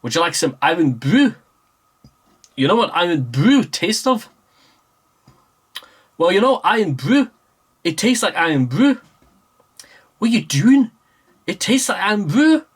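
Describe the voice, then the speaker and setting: A man's voice: sits high, sing-song, slow, long pauses, breathy edge, voice pushed up, heavily acted. A man doing a put-on Scottish accent, playing an exaggerated Scottish man who praises a fizzy drink in a singsong way. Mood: mocking.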